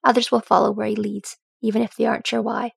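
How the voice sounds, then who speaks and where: A woman's voice: on the high side, little pitch movement, fast, vocal fry, husky, no echo, studio quality, exaggerated voice. Dís, a woman reading as a proud, grieving dwarf noblewoman. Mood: restrained. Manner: tight, restrained.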